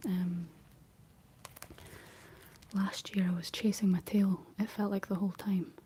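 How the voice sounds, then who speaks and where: A Scottish woman whispering softly in a rambling ASMR chat, answering her livestream viewers. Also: mid-range voice, little pitch movement, measured pace, a little hiss or hum. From Scotland.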